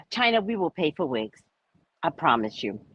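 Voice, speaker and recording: A woman's voice: sits low, a little slow, slightly rough, highs cut off. A woman, a psychic reader, ranting casually to camera in a blunt, profane way, exclaiming and laughing often. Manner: animated and exclamatory, laughing often between remarks; blunt and profane, asides to the viewer. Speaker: psychic reader and spiritual adviser. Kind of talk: casual opinion rant to camera.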